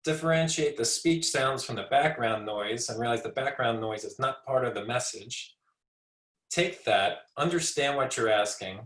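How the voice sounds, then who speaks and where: A man's voice: medium pitch, fairly bright tone. Conversational man teaching in a roomy space. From United States. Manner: conversational, repeats and restarts words, acts out short examples. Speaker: speech pathologist giving a talk. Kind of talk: informal educational presentation.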